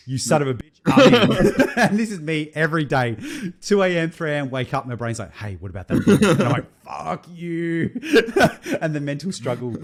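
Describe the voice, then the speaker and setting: A young adult man, co-hosting a casual podcast chat and laughing often as he tells stories. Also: medium pitch. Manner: animated, laughs often while telling jokes. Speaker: podcast co-host.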